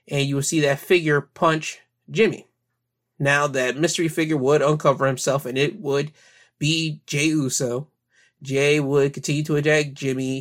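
A young man with a mid-range, fairly bright voice hosts a podcast and casually recounts wrestling events. He describes them in the future tense and leans heavily on filler words.

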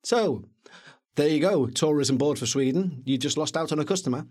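A man with a somewhat high voice talks through a film review like a casual chat with friends. He is jokey and animated, rambling along with asides. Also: moderate pace, breathy edge. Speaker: podcast co-host.

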